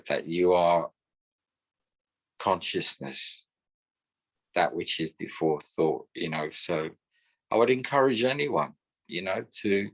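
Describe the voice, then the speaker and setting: Low-voiced older man, earnest testimony. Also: low-quality recording. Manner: earnest, reflective storyteller. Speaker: support group member. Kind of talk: personal testimony.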